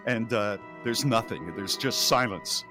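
A male radio co-host casually retelling a spooky TV episode, with animated acted-out quotes. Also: fairly low pitch, a little slow, over music.

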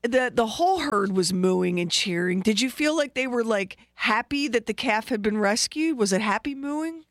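A woman's voice: on the high side, lively intonation, normal speed, dry recording, clean studio sound. A woman co-hosting a morning radio show, chatty and asking the caller follow-up questions. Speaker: radio host.

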